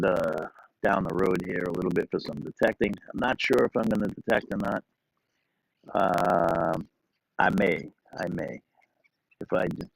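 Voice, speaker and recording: A middle-aged man with a very low, heavily gravelly voice talks loosely and easily to his live-stream viewers. He wanders from topic to topic in a relaxed, unhurried ramble. The sound is dry and close, with no room echo. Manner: rambling, easygoing, talking to viewers. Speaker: livestream host. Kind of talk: casual live-stream chat.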